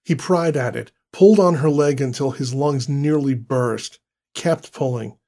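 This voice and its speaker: A man giving a scripted horror story narration in a slow, deliberate, dramatic way. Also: mid-range voice, dark tone.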